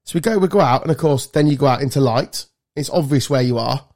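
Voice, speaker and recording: A man from England co-hosting a podcast, telling animated, sweary travel stories in casual chat. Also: fairly high pitch, quick pace. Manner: swearing storyteller, animated anecdotes. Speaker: podcast co-host.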